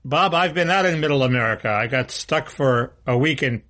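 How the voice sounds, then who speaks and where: A man's voice: medium pitch, expressive, a little fast, sharp tone. A man co-hosting a casual political podcast, talking bluntly and restarting his sentences often. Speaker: co-host.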